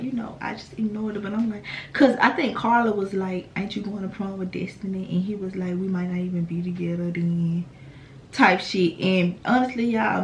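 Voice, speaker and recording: A woman's voice: medium pitch, gravelly, slight background noise. A young adult woman telling a personal story to her viewers in a casual, slangy, profane way. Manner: addresses viewers directly. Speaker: vlogger.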